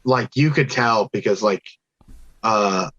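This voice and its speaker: A man's voice: lowish voice, slow pace, a bit bright, slightly rough, no room sound, muffled recording. A man co-hosting a casual wrestling review podcast, giving blunt and dismissive opinions. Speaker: podcast co-host.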